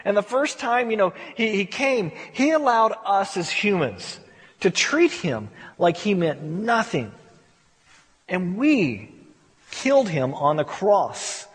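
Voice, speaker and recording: High-voiced pastor teaching in a hall. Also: male voice, big pitch swings, slow, slightly rough. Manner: conversational, repeats words when emphatic. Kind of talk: verse-by-verse Bible teaching.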